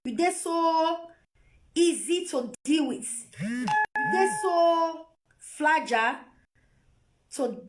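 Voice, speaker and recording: A woman's voice: very high voice, expressive, extremely slow, pauses often, heavy background noise. A Nigerian woman on a phone live video, lecturing her viewers in a scolding, repetitive way. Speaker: vlogger.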